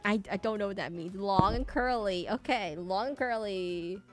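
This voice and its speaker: A woman's voice: medium pitch, moderate pace, faint music behind. A woman streamer chatting casually with her viewers while drawing, giggly and rambling. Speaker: livestreamer.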